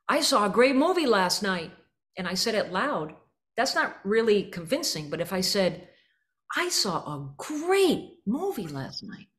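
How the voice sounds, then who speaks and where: A woman leading a band rehearsal clinic, coaching players with vivid images and singing out the syllables and rhythm phrases. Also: medium pitch. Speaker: jazz clinician.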